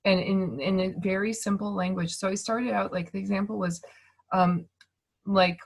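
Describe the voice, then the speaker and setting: Woman teacher, casual talk, soft breathy tone, halting and gentle with restarts, video-call sound. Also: medium pitch. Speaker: speaker on emotions and manifestation. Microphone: video call mic.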